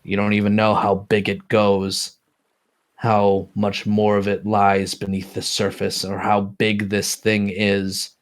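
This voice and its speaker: A man narrating a tabletop game as game master, describing scenes in a halting way with many restarts. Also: fairly low pitch, monotone.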